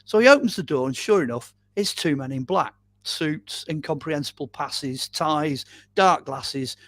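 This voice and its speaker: Animated man retelling a story, dry sound. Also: fairly high pitch, measured pace, no room sound. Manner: animated retelling with many "um"s and "you know"s. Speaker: guest storyteller on a paranormal podcast. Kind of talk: casual interview storytelling.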